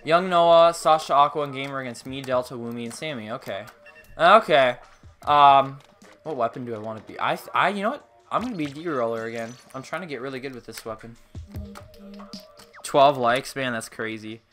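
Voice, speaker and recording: A young man on a gaming livestream, rambling and cracking jokes to his viewers mid-match. His voice is bright and pushed forward. Faint music plays underneath. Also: mid-range voice, normal speed. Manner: joking, rambling, talks to chat while playing. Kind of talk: casual gaming livestream chat.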